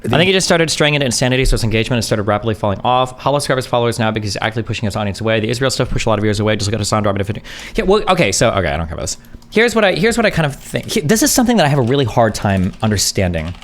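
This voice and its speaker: A man in his thirties hosts a live stream, his voice rising and falling in lively swings as he reacts to clips. He is blunt, sarcastic and swears freely. When he explains something, he walks through it point by point and checks in with the audience. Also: medium pitch, racing. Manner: explains step by step, checking in with "okay?". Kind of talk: casual live-stream commentary.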